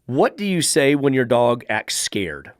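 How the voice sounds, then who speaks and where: A man's voice: medium pitch, sing-song, unhurried, dry recording, clean studio sound. Blunt, profane man. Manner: blunt, profane, fires rhetorical questions. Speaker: dog trainer, podcast host. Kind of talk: podcast monologue.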